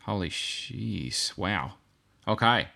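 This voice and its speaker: A man's voice: on the low side, animated, very slow, vocal fry, sharp tone. A man co-hosting a podcast, talking casually in a rambling way and correcting himself as he goes. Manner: rambling and self-correcting, with asides. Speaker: podcast co-host.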